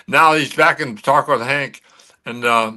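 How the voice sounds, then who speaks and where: An older man, a former pro athlete, telling anecdotes as a guest on a sports talk show, animated and full of restarts. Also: mid-range voice, measured pace.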